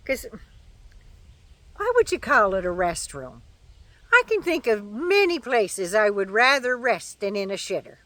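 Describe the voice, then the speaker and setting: A woman's voice: medium pitch, very animated, unhurried, long pauses, a bit bright, dry recording. An older woman chatting casually to camera outdoors at home, folksy and opinionated with dry asides. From Canada. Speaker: vlogger.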